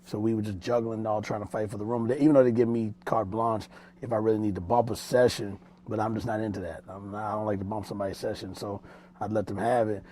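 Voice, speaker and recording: Fast and warm, with a level tone on the low side, this man is a music producer and mix engineer. He rambles loosely through stories in a casual small-studio interview, using street slang and restarting sentences, over a little hiss or hum.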